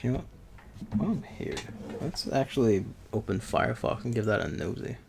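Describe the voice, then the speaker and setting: A man's voice: mid-range voice, expressive, brisk, gravelly, noisy background. A man chatting offhand and swearing while streaming a mobile game. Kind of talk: casual gaming stream chat.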